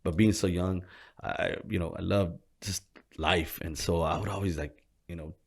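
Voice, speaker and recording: A man, a gym co-owner, telling his story in a casual interview, swearing freely and speaking in animated slang. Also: low-pitched, normal speed, creaky, slightly rough.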